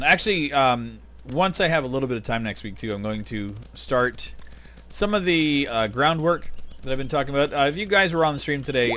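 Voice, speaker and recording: A man's voice: mid-range voice, fairly bright tone, slight background noise. A man hosting his gaming channel, talking casually and rambling with lots of fillers while he plays. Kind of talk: casual gameplay commentary.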